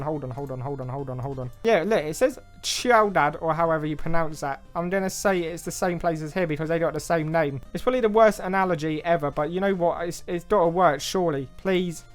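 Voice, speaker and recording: A young man with an English accent giving casual, self-mocking game commentary, thinking aloud and second-guessing himself as he plays. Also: on the high side. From England. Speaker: gaming YouTuber.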